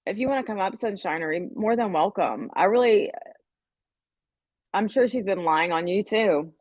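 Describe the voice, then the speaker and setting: A woman's voice: medium pitch, animated, normal speed, no echo, dull audio. A woman hosting a casual livestream, rambling and swearing as she talks straight to her viewers. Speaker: livestream host. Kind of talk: casual live-stream chat.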